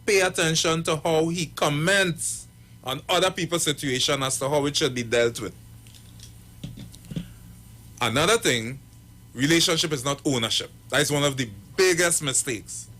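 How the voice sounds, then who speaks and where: A man speaking as a pastor on a radio talk show, his voice bright and a little high. He tells stories with energy and slips into the voices of the people in them. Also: measured pace, pauses often. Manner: animated storyteller acting out quoted voices. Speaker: pastor and marriage counselor. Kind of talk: radio talk, storytelling advice.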